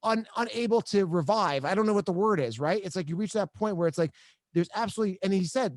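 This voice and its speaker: A male podcast host telling a personal story in a halting, emphatic way, often repeating himself. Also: high voice, darkish tone, no echo. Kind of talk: emotional interview storytelling.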